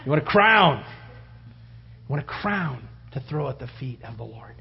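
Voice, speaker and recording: A man preaching a sermon, acting out the story with loud outbursts and hushed whispers. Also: medium pitch, sing-song, unhurried, gravelly, long pauses. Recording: dull lo-fi sound.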